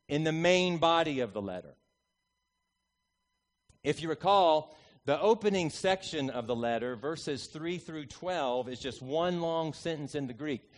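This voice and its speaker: Animated middle-aged male preacher. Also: a little high. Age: 40s. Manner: animated storyteller, punchy emphasis. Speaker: pastor. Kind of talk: sermon with a humorous personal story.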